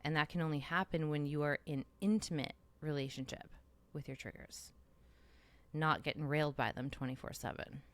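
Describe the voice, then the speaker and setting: A woman's voice: deep voice, moderate pace, fairly bright tone. A woman co-hosting a podcast, speaking earnestly and encouragingly, and often affirming her co-host. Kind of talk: casual podcast chat.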